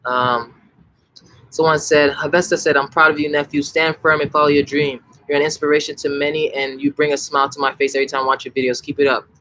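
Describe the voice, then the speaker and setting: Young New guy, slightly high voice, loose live-stream Q&A host, punchy and animated. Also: quick pace, dry recording, low-quality recording. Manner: animated, emphatic, frequent self-corrections and "like". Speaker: language-learning channel host answering viewer questions. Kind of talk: casual live Q&A.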